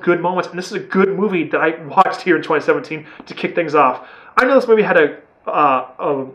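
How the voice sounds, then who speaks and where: A young man talks through a movie review in a quick, slightly high voice. He rambles enthusiastically, tripping over restarts and filling every pause with "uh" and "like". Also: a bit bright, low-quality recording. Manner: rambling, filler-heavy, enthusiastic. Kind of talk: casual video review.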